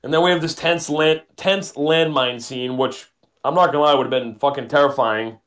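A man's voice: mid-range voice, normal speed, fairly bright tone. A man co-hosting a casual movie podcast, chatty and laughing often as he works from his notes. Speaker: podcast co-host. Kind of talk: casual movie review chat.

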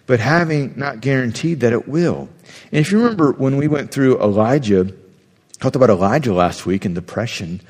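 A man, a pastor, preaching a sermon in a conversational, lively way, acting out inner voices as he goes. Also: mid-range voice, breathy edge, big-room sound.

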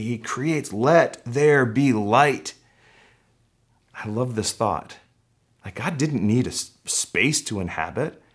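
A male pastor delivering a Sunday sermon at a mid-range pitch. He talks conversationally with fillers and restarts and slows down for scripture readings. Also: slightly rough.

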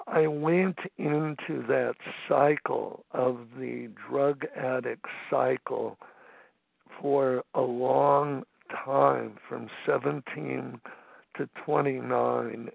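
A man in his seventies telling his recovery story at a phone meeting, halting, with many fillers and restarts. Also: medium pitch, vocal fry, slightly rough, dry recording. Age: 70s. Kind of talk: personal testimony at a phone meeting. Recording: tinny phone line, dry.

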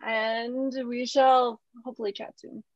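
A woman hosts a podcast in an easy, conversational way. She is bubbly and laughs often, and her voice sits somewhat high. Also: flat delivery, measured pace, muffled recording. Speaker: podcast host. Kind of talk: casual podcast chat.

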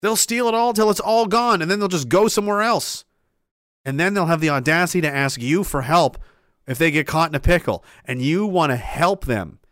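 A man's voice: on the high side, brisk, fairly bright tone, no room sound, studio quality. A man delivering a heated, profane opinion rant, emphatic and rambling, with restarts and asides.

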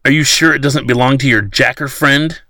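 A man voicing a rough, mocking junior government agent. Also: mid-range voice, steady tone, fairly quick, pushed and bright, no room sound, studio quality, pitched above the performer's own voice. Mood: sneering.

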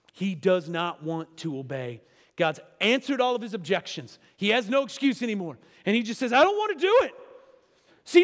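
A man with a fairly high voice preaches a sermon, keeping it conversational and checking in with his listeners through frequent tag questions. His voice carries a long reverb from a church sanctuary. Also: fairly bright tone. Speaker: pastor.

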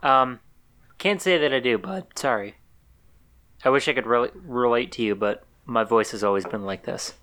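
A man's voice: mid-range voice, normal speed, fairly bright tone. A man hosting a casual podcast and teasing his co-hosts in a playful way. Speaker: podcast host.

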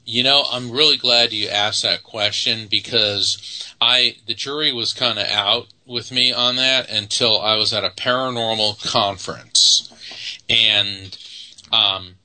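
A man's voice: fairly low pitch, steady tone, measured pace, pushed and bright, low-quality recording. A man, a psychic guest from Florida, telling stories earnestly in an interview with many fillers. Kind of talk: storytelling in an interview.

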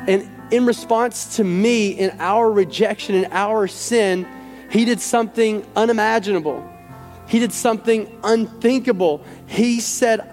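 Impassioned high-voiced pastor in a reverberant church. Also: male voice, normal speed, a little mellow. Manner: impassioned, repeats phrases for emphasis. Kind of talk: sermon. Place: church sanctuary. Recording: church hall with long reverb and faint music.

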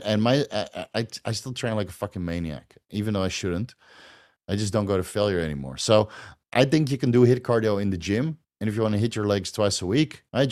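A man's voice: fairly low pitch, a little mellow. A man hosting a viewer Q&A, talking bluntly and rambling, with frequent fillers, restarts and swearing. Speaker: host answering viewer questions. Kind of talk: casual Q&A monologue.

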